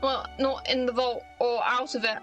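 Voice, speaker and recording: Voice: mid-range voice, flat delivery, moderate pace, fairly bright tone, muffled recording, lightly acted. A British streamer voicing a nervous male bank security guard in a video game, reading his lines plainly over faint game music. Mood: worried. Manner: plain dialogue reading, folksy phrasing.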